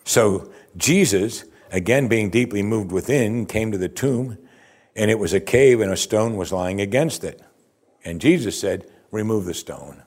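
Man preaching a sermon, deep voice, husky tone, conversational. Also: a little slow, a little mellow. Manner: expository, conversational preaching with emphatic rises. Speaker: pastor.

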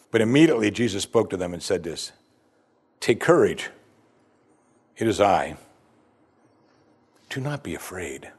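A man's voice: on the low side, a little mellow, slightly rough. A man preaching a sermon, reading scripture aloud with dramatic emphasis. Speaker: pastor.

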